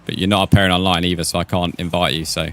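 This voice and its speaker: Low-voiced man chatting on a game stream. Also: level tone, rapid-fire, fairly bright tone, soft background music. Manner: chatty, calls viewers "mate". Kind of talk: casual live-stream chat.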